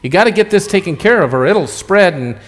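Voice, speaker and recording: Man doing a chill doctor guy explaining stuff, a bit high, echoey hall. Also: animated, brisk. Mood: reassuring. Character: matter-of-fact male doctor.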